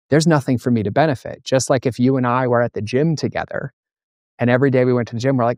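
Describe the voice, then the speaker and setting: Middle-aged male interview guest, animated storyteller, mid-pitched voice, dry close sound. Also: quick pace, no room sound. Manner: animated storyteller acting out dialogue. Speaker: guest, entrepreneur and coach. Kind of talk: conversational interview.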